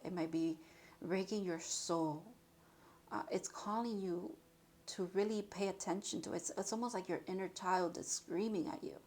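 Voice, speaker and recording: A woman's voice: on the low side, fairly even intonation, darkish tone. Emotional woman giving a spiritual reading. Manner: emotional, halting, many restarts and sighs. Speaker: spiritual card reader. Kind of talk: intuitive reading to camera.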